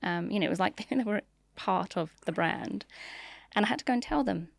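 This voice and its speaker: A woman's voice: mid-range voice, lively intonation, brisk, vocal fry, no echo. A middle-aged woman, a marketing leader, telling frank stories in an interview on a close podcast mic. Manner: frank, open, storytelling. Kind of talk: candid interview conversation.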